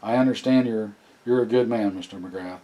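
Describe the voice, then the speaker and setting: A man's voice: lowish voice, normal speed, mellow, close to an everyday voice. A man reading as an earnest tired mother. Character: tired, grateful mother of several kids. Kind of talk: audiobook reading.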